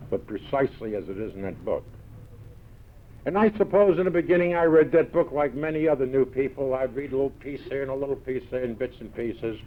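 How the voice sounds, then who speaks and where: New york guy telling stories at a meeting, gruff and punchy, sounds like a thin old cassette. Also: medium pitch, slight background noise. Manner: gruff, punchy storytelling with quoted one-liners. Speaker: recovery meeting speaker. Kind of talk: storytelling talk to an audience. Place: large event hall. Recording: tinny old 1970s tape recording.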